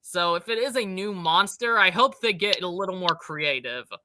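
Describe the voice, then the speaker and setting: A man's voice: high voice, normal speed, pushed and bright. A young man hosting a casual podcast chat, rambling enthusiastically and swearing casually. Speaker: podcast host.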